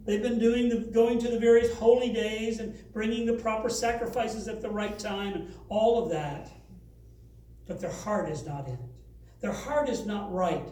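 High-voiced preacher in an echoey hall. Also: male voice, steady tone, normal speed, warm tone, recorded from a distance, slight background noise. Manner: earnest preaching, reading scripture aloud with rising emphasis. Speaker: pastor. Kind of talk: sermon. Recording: very echoey, from away from the mic.

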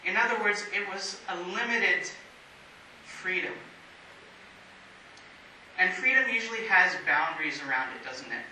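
A man preaches a sermon in a measured way, leaning on emphatic pauses. His voice sits high and sounds piercingly bright. It is recorded from a distance in a church that echoes heavily, with a faint hiss underneath. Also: animated. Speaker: pastor. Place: church sanctuary.

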